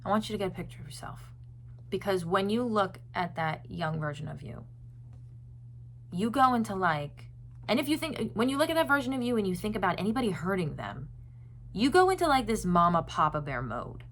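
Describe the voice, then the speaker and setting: A woman's voice: medium pitch, big pitch swings, brisk, slight background noise. Woman host, casual chat to viewers, earnest and rambling, lots of filler words. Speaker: self-help video host.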